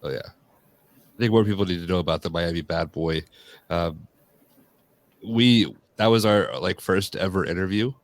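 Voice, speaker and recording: Low-voiced male podcast host. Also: normal speed, pauses often. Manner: loose, filler-heavy, frequent "like". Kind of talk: casual interview chat.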